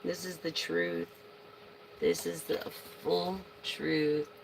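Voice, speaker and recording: A woman giving a casual tarot reading to her viewers, chatty and excitable, swearing freely and breaking into loud bursts. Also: deep voice, slow, vocal fry, slight background noise, low-quality recording. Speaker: tarot reader.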